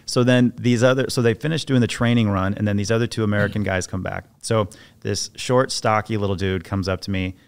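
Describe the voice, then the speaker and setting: A man, a former soldier, telling stories as a podcast guest in a casual, animated way with many restarts. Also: lowish voice, fairly quick, gravelly, clean tone. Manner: animated storyteller, acts out quoted voices, many restarts. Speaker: podcast guest, former Navy SEAL sniper. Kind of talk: casual storytelling interview.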